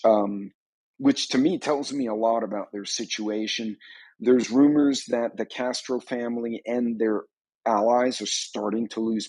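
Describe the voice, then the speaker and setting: A man's voice: on the low side, darkish tone, husky, no room sound, poor audio. A man hosting a live stream on a preparedness channel, giving rambling, conversational commentary on current events.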